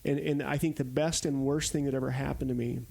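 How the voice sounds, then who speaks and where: A man's voice: medium pitch, flat delivery, fast talker, vocal fry, warm tone. A man in his forties from Arizona, a podcast guest telling stories casually and animatedly, acting out the quotes. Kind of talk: casual storytelling.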